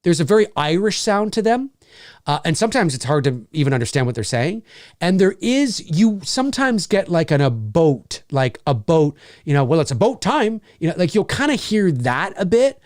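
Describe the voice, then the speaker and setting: A middle-aged man from Canada who hosts a relaxed Q&A chat. He rambles, laughs easily, slips into joking voices and keeps asking "you know what I mean?". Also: high-pitched, fairly quick, no echo, studio quality. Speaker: livestream Q&A host. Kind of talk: casual chat answering viewer questions.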